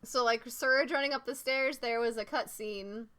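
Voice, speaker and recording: High-voiced, giggly woman streamer. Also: moderate pace, clear, resonant tone. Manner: chatty, giggly, excitable. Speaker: game streamer. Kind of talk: casual live-stream commentary. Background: game music.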